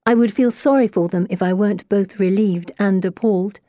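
A woman reading a first-person audiobook in a measured, even way. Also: medium pitch, no echo, studio quality. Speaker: audiobook narrator. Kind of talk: scripted first-person narration.

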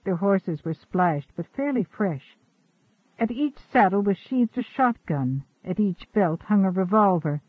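A man narrating a story in a steady, measured reading. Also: high voice, husky, dry recording, narrow, tinny audio.

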